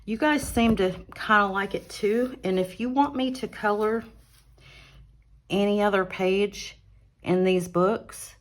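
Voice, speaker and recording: A woman hosting an adult coloring channel, chatting casually through her finished pages, relaxed, with fillers and self-corrections, recorded on a phone at home. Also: mid-range voice, takes it slowly. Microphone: phone on an arm mount.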